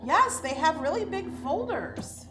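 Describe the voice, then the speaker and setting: A woman hosting a casual craft tutorial, chatty and excitable as she talks through each step while working. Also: very high-pitched, a little slow, music in the background. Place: craft room at home. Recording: echoey room, faint noise.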